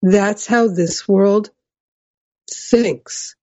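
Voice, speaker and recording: A woman's voice: medium pitch, drawn-out words, warm tone, no echo, muffled recording. A woman giving a spiritual teaching talk in an earnest, conversational way, often checking in with her listeners.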